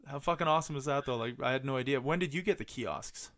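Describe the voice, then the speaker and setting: A man's voice: medium pitch, fast talker, a bit bright, no echo. A man co-hosting a podcast in casual chat, telling rambling stories full of swearing and filler words. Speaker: podcast co-host.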